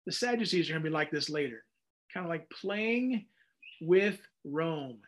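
A man in his thirties with a high-pitched voice leads a Bible teaching. His sermon is casual and conversational, full of restarts and self-deprecating asides. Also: lively intonation, normal speed. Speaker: pastor.

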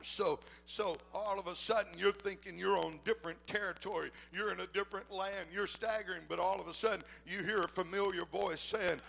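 A man preaching a sermon as pastor, swinging between loud, emphatic declarations and soft, intimate talk to the congregation. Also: sits high, normal speed, vocal fry, poor audio.

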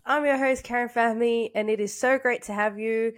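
A woman's voice: a little high, steady tone, moderate pace, faint music behind. A young woman hosting a faith podcast in a chatty, casual way, with many fillers, sounding congested. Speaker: podcast host.

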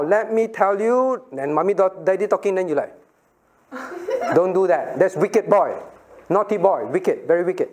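A middle-aged man, a pastor giving a playful Bible lesson to children and asking them questions. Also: high-pitched. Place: church room with children.

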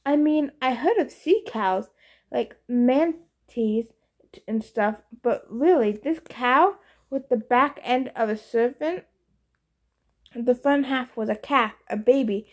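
A woman with a slightly high voice reads a novel in first person. Her telling is casual and expressive, like a teenager's. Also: takes it slowly. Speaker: audiobook narrator.

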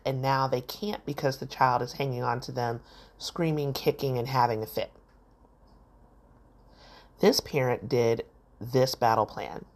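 Very low-voiced woman podcast host. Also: darkish tone. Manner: storytelling, acts out quoted voices. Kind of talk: solo podcast talk.

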